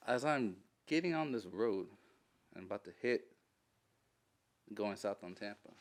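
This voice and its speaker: A military veteran tells a war story in a casual interview, swearing freely, animated and laughing along. His voice is mid-range and his pace slow.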